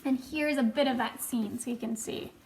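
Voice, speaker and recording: A woman's voice: fairly high pitch, moderate pace, darkish tone, distant mic. A woman reading a children's book aloud, adding friendly asides for her listeners. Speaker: storytime reader. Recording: echoey room with faint noise.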